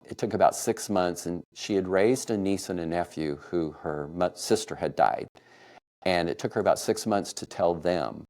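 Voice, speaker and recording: A middle-aged man from Kansas telling a personal family story, emotional and laughing softly now and then. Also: low voice. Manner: warm, emotional retelling with soft laughs. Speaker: podcast storyteller.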